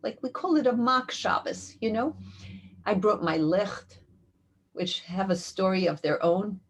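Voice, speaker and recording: Woman, community educator, heartfelt interview storytelling, climbs high when quoting. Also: lively intonation, unhurried, a little hiss or hum.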